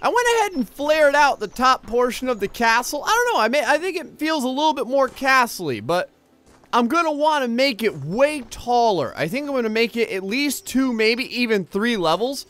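Excitable young man, lively high voice. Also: normal speed. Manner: excitable, jumps between mumbling and exclamations. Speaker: gameplay YouTuber. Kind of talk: casual gameplay commentary.

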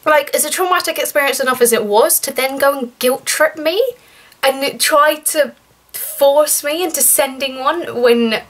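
A young woman tells a story to camera in a chatty vlog, turning indignant and exasperated as she retells it. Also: slow pace. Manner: chatty and indignant, rising pitch when outraged. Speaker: vlogger.

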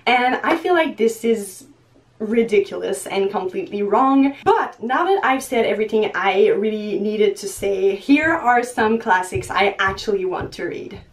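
A woman's voice: medium pitch, animated, unhurried. Chatty young woman book vlogger, slightly distant. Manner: chatty, often breaks into laughs. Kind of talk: casual chat to camera. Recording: voice a little distant from the mic.

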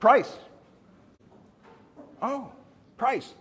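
A man with a high, husky voice tells sales stories to a room. He acts out quick exchanges with customers and staff, switching voices as he goes. The delivery is loose and animated, full of asides. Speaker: roofing company owner sharing sales tactics. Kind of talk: storytelling sales talk.

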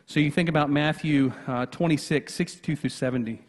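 A man's voice: a little high, fairly quick. A man preaching a sermon as pastor, talking conversationally with asides and restarts. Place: church sanctuary. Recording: long church reverb.

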